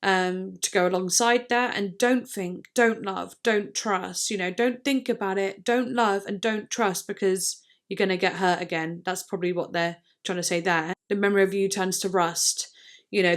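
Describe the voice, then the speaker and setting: A woman hosting a casual album reaction, musing aloud with frequent hesitations and fillers. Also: mid-range voice. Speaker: music reaction host.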